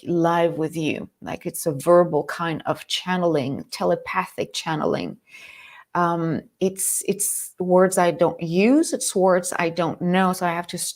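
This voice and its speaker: Excitable French-accented woman, gravelly edge. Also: fairly low pitch. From France. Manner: excitable, greets viewers by name. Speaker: host and lightworker mentor. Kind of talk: live-stream spiritual talk.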